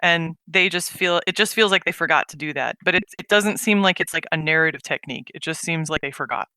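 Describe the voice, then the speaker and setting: Bright-voiced podcast co-host, casual chat. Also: male voice, a little high, fast talker, clean tone, no echo. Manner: rambling, animated storytelling with quoted voices.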